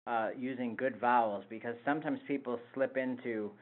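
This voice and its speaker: A man's voice: medium pitch, fairly even intonation, normal speed. A man co-presenting a choir webinar, explaining vocal exercises with some fillers. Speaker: choir director. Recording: phone-like narrow band.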